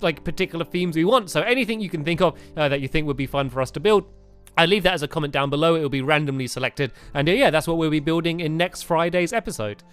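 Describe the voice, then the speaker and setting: A man's voice: on the high side, fast, fairly bright tone, clean tone. A man co-hosting a gaming video, chatting casually, laughing a lot and playfully teasing his partner. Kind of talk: casual gameplay chat. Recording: light background music.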